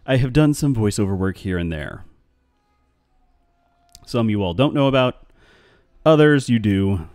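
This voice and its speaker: Low-voiced chatty male streamer. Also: expressive, measured pace, pauses often, a little mellow, no room sound, clean studio sound. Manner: rambling, chatty, talks to chat. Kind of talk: casual live game-stream chat.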